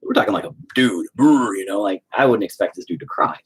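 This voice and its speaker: A podcast host who also sings in a band, an adult with children, talks candidly in a loose, rambling, confessional chat, swearing often and leaning on "you know." His voice is on the low side, animated and fairly quick, with a breathy edge.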